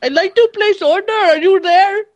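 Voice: very high-pitched, moderate pace, lo-fi sound. A performer putting on a rambling elderly Indian caller in broken English for a prank call. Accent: put-on Indian.

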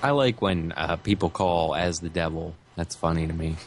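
Deep-voiced male co-host who trades crude banter in short, dry replies; faint background noise. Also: moderate pace.

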